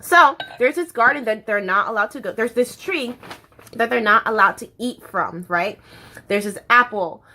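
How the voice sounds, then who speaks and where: A woman's voice: fairly high pitch, moderate pace, pushed and bright. A young woman chatting casually to camera as a vlogger, bubbly and chatty, swearing freely.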